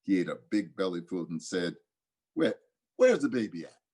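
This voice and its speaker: An angry, demanding husband speaks gruffly, as a man puts him on. The voice is dark and husky. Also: low-pitched, sing-song, moderate pace, pitched below the performer's own voice. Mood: satisfied. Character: angry poor husband, threatening.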